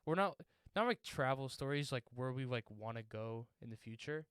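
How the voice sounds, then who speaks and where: A man's voice: mid-range voice, lively intonation, moderate pace, fairly bright tone, clean tone, no room sound. A young man co-hosting a podcast, chatting casually and laughing easily. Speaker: podcast co-host. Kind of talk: casual chat.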